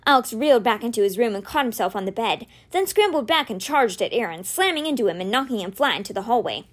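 A woman reading a novel aloud with expressive, animated storytelling. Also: a little high, quick pace. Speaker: audiobook reader.

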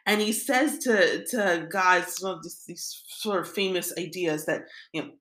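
A woman's voice: lowish voice, measured pace, fairly bright tone. A woman teaching a scripture lesson in a casual, conversational way, retelling the text in everyday speech. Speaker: Torah teacher.

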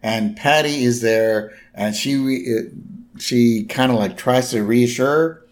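A man's voice: mid-range voice, slow. A man co-hosting a podcast, recapping a cartoon episode in a wry, casual way. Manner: wry, addresses listeners as kids. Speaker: podcast co-host.

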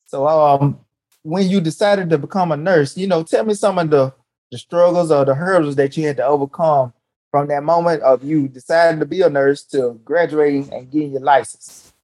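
A man hosting a casual interview, asking questions in a relaxed, hesitant way. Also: on the high side, moderate pace. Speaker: host.

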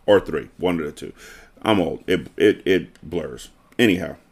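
A man's voice: sits low, moderate pace, gravelly, slightly rough. Man reading aloud with sarcastic asides. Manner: sarcastic side comments. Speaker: podcast host reading a book aloud. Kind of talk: read-aloud with comic asides.

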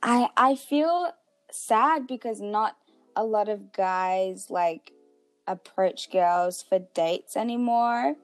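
A woman's voice: mid-range voice, slow, dry recording, soft background music. A young Australian woman co-hosting a podcast, chatting casually with frequent giggles and acted-out quotes. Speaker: podcast co-host. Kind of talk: casual chat.

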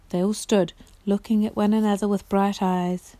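A woman reading a storybook chapter aloud in a clear, expressive way. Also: medium pitch, normal speed, no echo. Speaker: reader.

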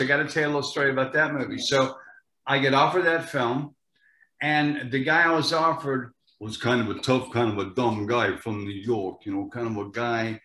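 An older man tells animated stories as a guest in a casual interview. He often stumbles and repeats words as he gets going. His voice sits at a middle pitch, and a roomy echo surrounds it. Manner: animated, repeats words when starting sentences. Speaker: actor guest.

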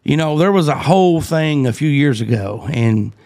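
A man's voice: fairly high pitch, animated, moderate pace, darkish tone. A man hosting a podcast, talking hesitantly with many fillers and a dry sarcastic streak. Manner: hesitant, lots of uh and you know, sarcastic. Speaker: podcast host. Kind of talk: casual podcast chat.

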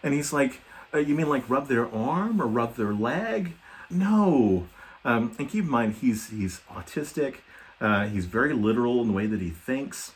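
Rambling man telling a dad story. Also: mid-range voice. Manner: rambling, self-deprecating, many ums and likes. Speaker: podcast co-host. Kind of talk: casual storytelling chat.

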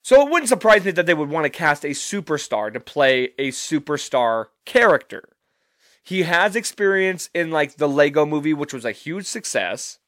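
A man's voice: on the high side, moderate pace, dry recording, clean studio sound. A man hosting a podcast, ranting casually and swearing freely as he works himself up. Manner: animated, swears freely, talks himself into outrage. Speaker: podcast host.

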